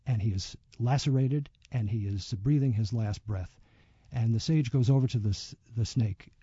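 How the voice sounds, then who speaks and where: Man, yoga teacher guest, reflective storyteller, very dark mellow voice, dull dry sound. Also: lowish voice, husky, dry recording. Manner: reflective, storytelling, many fillers. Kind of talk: radio interview.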